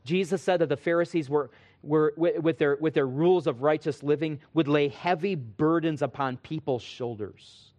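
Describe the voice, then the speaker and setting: A man preaching a sermon as pastor, earnest, swinging between emphatic rising lines and quiet asides to his congregation. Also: a little high, moderate pace.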